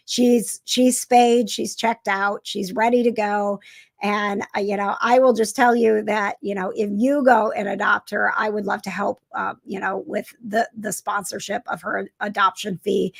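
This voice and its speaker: A woman's voice: medium pitch, vocal fry. A middle-aged woman hosting a casual live stream, emotional and gushing, with many uhs and restarts. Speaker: host.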